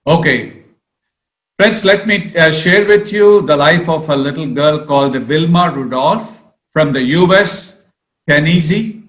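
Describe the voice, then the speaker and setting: Slow, high-voiced priest in an echoey room. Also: male voice, a bit bright. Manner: slow, repeats "okay" and "uh", acts out quoted voices. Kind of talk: sermon storytelling.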